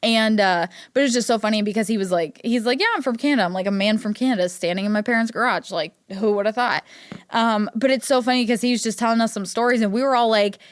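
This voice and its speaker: A woman's voice: a little high, fast, no echo. Chatty young woman, dry close sound. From Ohio, United States. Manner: chatty, filler-heavy, self-deprecating. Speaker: podcast host. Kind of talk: casual solo chat.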